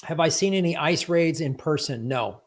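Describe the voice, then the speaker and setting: A man's voice: a little high, moderate pace. A man hosting a live stream in casual chat, playful, breaking into sound effects and silly rhymes. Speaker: livestream host.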